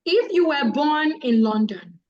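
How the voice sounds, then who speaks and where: A woman's voice: sits high, expressive, unhurried, darkish tone, lo-fi sound. A woman with a Nigerian accent giving public speaking advice, emphatic and repeating points for effect. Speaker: guest speaker.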